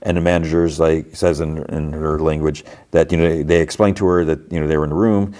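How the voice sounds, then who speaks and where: A man with a very low voice talks through a show recap in loose, casual chat. He keeps restarting his sentences and leans on fillers as he goes. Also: little pitch movement, brisk, warm tone. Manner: rambling, filler-heavy retelling with many restarts. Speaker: podcast host.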